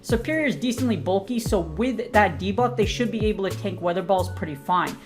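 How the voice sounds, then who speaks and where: A woman's voice: mid-range voice, animated, a little fast, soft background music. A woman, a gaming content creator, giving hyped, slangy, joking commentary over her own battle gameplay.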